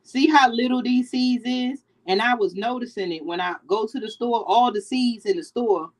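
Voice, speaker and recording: The clip features a middle-aged podcast host with a New York accent, laughing often as she chats with viewers while cooking for her vlog. Her voice is a little high, at a moderate pace.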